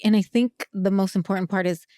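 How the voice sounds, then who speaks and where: A woman's voice: mid-range voice, steady tone, brisk, mellow, no echo, clean studio sound. A woman in her forties hosting a podcast, chatting expressively and laughing often. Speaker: podcast host. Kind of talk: casual podcast interview.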